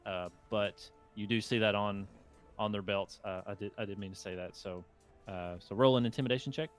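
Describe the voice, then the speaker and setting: A man's voice: on the low side, steady tone, a little fast, soft background music. A man narrating as game master, describing scenes in a loose, rambling way.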